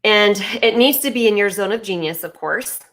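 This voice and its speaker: A woman's voice: mid-range voice, normal speed, a bit bright. Emphatic woman giving a business pep talk. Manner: emphatic, repetitive, coaching tone with fillers and restarts. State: talking with ice in her mouth briefly. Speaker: business coach. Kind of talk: motivational talk to camera.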